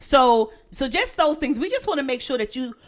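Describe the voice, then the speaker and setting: A woman's voice: sits high, big pitch swings, normal speed. Lady cohost on a laid back podcast, voice jumps up and down a lot, talks to listeners like family. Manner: chatty, addresses listeners as y'all and guys. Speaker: podcast co-host. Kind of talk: casual podcast chat.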